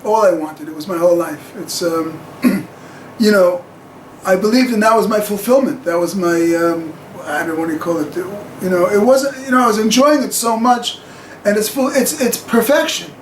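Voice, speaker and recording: A man's voice: high-pitched, normal speed, reverberant, slight background noise, poor audio. A man telling a personal story to camera in a rambling, chuckling way with plenty of fillers.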